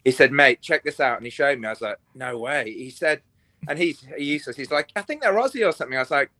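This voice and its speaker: A man's voice: medium pitch, lively intonation, quick pace, bright, forceful tone, no room sound. A young man, a podcast guest on a remote call, telling rambling, crude stories in casual chat with lots of fillers.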